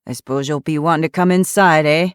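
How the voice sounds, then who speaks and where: A woman voicing a grumpy retired male detective in his sixties, hoarse, with a Yooper twang and curt, suspicious speech. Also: on the high side, fairly even intonation, quick pace, no echo, clean studio sound, close to an everyday voice. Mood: gruff. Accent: Yooper (Upper Michigan). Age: 60s.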